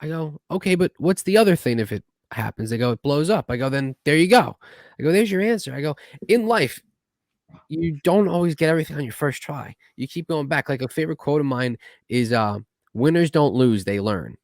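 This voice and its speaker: A man's voice: a little high, expressive, brisk, darkish tone, no room sound, studio quality. A young man hosting a casual podcast, talking eagerly and retelling his conversations at length. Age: young adult. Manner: eager, rambling, retells talks with "I go". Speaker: podcast host. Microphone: video call.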